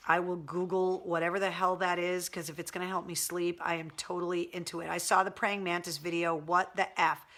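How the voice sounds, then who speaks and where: A woman's voice: lowish voice, little pitch movement, a little fast, few pauses, fairly bright tone. A woman hosting a casual livestream, chatting candidly and swearing cheerfully as she answers viewer comments. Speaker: livestream host. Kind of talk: casual live chat reading viewer comments.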